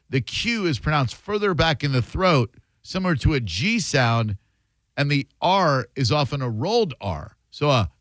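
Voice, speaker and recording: A man's voice: medium pitch, a bit bright, no room sound. Casual radio talk host man. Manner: casual and conversational, thinks aloud. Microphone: studio microphone.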